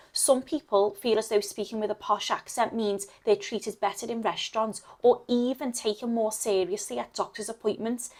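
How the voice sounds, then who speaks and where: A woman with a Liverpool accent narrates a documentary, earnest and campaigning. Her voice sits a little high. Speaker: presenter.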